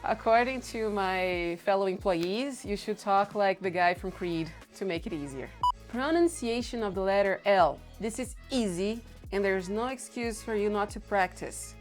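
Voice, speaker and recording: A young Brazilian woman with a Brazilian accent, teaching a language lesson and slowly repeating example words. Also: mid-range voice, over music. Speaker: Portuguese teacher.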